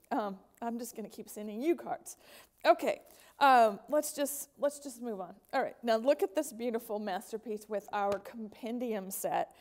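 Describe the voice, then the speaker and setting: A woman's voice: fairly high pitch, moderate pace, a little mellow. A woman hosting a craft company's show, chatting casually and gushing enthusiastically as she reads out fan mail.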